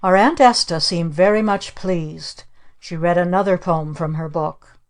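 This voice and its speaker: Low-voiced woman reading a storybook. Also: measured pace. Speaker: audiobook narrator. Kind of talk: scripted narration.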